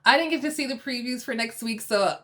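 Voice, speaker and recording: A woman's voice: fairly high pitch, fairly quick, a bit bright. A woman casually recapping a reality TV episode, chatty and laughing often as she acts out the quotes. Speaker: TV recap host.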